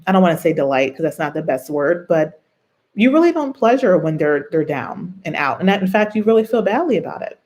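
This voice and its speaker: An earnest self-help host speaks in a mid-range voice that is neither high nor low. The delivery is reflective and conversational, drawing on lived experience and often turning to the listener with a quick check-in. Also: darkish tone. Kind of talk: personal advice talk on abuse and trauma bonds.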